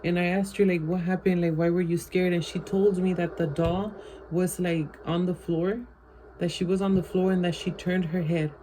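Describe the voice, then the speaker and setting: A woman's voice: on the low side, little pitch movement, normal speed, mellow, slight background noise, poor audio. A woman vlogger at home telling a rambling storytime, full of fillers and slipping Spanish phrases into her English. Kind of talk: casual storytime.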